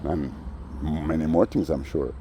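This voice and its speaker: A man with a low, dark voice tells a long story straight to his audience. His delivery is casual and rambling, peppered with slang and "you know." His tone stays mellow and unhurried. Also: steady tone, a little hiss or hum. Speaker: vlogger.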